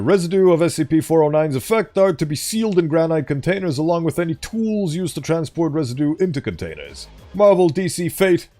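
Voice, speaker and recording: A man reads horror articles aloud for a stream and keeps stopping to riff and joke about them. His voice sits a bit high and swings widely in pitch. Soft music plays faintly behind him. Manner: animated, breaks off into playful asides. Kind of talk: casual reading with joking commentary. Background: faint background music.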